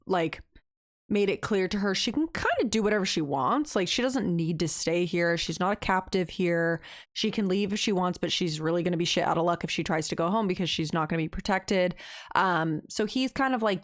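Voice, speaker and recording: A woman's voice: fairly low pitch, lively intonation, brisk, no echo, clean studio sound. A woman co-hosting a podcast, recapping a book in a casual, chatty way and acting out the characters' lines as she goes. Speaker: podcast co-host.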